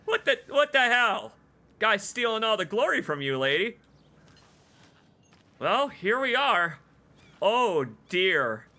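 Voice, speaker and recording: A young adult man streaming a game with excitable, emotional live commentary. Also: sits high, takes it slowly, long pauses.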